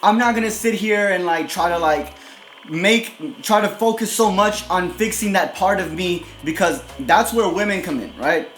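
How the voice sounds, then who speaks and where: A man's voice: sits high, moderate pace, a bit bright. A man giving a casual motivational monologue, blunt and profane, who ends almost every sentence with "right?". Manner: profane, repeats "right?" constantly; blunt and aggressive. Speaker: motivational video host. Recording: echoey room with music behind.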